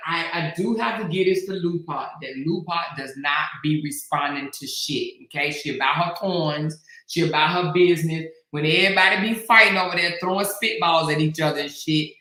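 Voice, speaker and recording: A woman hosting a drama commentary chat, sassy exclamations and loud cackling laughs. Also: deep voice, normal speed, roomy sound, rough recording. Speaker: commentary channel host.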